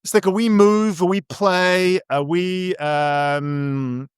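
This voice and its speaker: A man's voice: high-pitched, slow pace, clean tone, no echo, studio quality. A man, an author chatting as a guest, rambling playfully and acting out little scenes. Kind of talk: casual interview chat.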